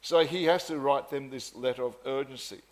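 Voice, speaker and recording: A man preaching a sermon in an earnest, measured way, often repeating phrases for emphasis. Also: medium pitch.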